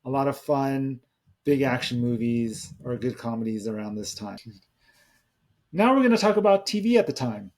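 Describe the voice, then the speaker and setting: Man, 30s, podcast host, casual solo talk, rambling, restarts a lot, average pitch. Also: expressive, normal speed, darkish tone. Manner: rambling, conversational, with many restarts.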